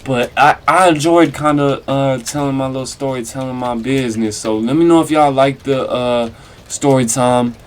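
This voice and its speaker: A man's voice: medium pitch, normal speed, clear, resonant tone. Slangy young man telling a story. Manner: slangy, animated, rambling. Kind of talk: casual storytime monologue.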